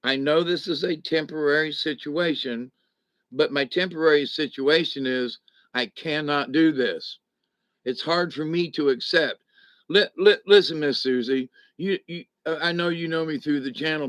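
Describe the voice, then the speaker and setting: A man's voice: a little high, moderate pace, a bit bright, dry recording. Folksy man rambling to viewers. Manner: rambling, folksy, chuckles between thoughts. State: recovering from back surgery, at home. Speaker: vlogger talking to viewers. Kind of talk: casual live chat to viewers. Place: home, indoors.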